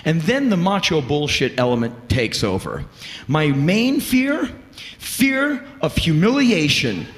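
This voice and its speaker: A middle-aged man telling a story on a live stage, animated and profane, breaking into shouts. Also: on the high side. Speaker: spoken-word comedian. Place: stage in a large venue. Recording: echoey hall with faint room noise.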